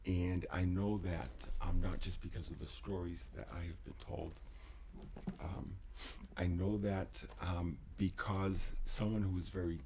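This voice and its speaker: A man hosting a livestream, talking intensely, often sinking into whispers and bursting into shouts, rambling and swearing. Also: deep voice, level tone, measured pace, slight background noise. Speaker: livestream host. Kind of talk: emotional livestream monologue. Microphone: desk USB microphone.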